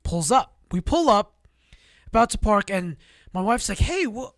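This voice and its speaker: A man co-hosting a talk show who tells rambling, animated stories with many restarts. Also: sits high, measured pace, no room sound, clean studio sound. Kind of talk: casual storytelling chat.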